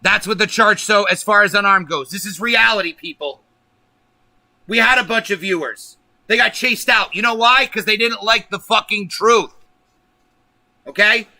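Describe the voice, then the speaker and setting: A man's voice: sits high, moderate pace, bright, forceful tone, no room sound. A man hosting a political livestream, ranting angrily and emphatically with lots of profanity. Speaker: livestream host.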